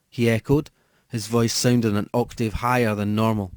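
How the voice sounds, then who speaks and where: A man narrating a horror story audiobook in a measured storytelling manner. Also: fairly low pitch, a little mellow, no echo. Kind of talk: scripted narration.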